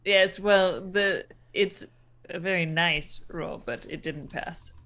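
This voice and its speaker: A woman playing a tabletop game in a casual, expressive way. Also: slow. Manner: expressive, lively swings in pitch. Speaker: player.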